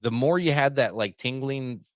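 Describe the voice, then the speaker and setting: A man's voice: medium pitch, moderate pace, dry recording. Guy rambling through a crude funny story, mid voice, dry close sound. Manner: rambling, profane, laughs at his own stories. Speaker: podcast host. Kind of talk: casual storytelling.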